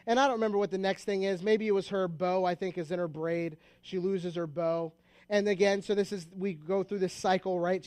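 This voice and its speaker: An American pastor with a fairly high voice delivers his sermon like a relaxed story, full of asides and restarts. The sound is close and dry, with no room echo.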